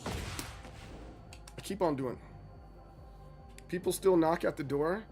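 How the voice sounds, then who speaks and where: A man casually commenting on his live stream, chatty and animated as he talks to his chat between rounds. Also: on the high side, slow pace, soft background music. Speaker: game streamer.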